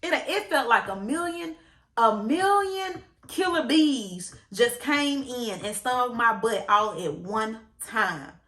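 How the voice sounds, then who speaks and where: A young woman vlogger telling her story in a casual, animated way, blunt and full of laughs and swearing. Her voice is bright and forceful. She sounds like she is in an echoey room. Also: a little high, slow.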